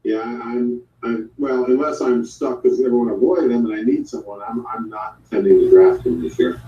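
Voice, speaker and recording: A man co-hosting a casual chat, talking haltingly with many restarts. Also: medium pitch, dark tone. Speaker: co-host. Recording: dull, echoey sound from far off.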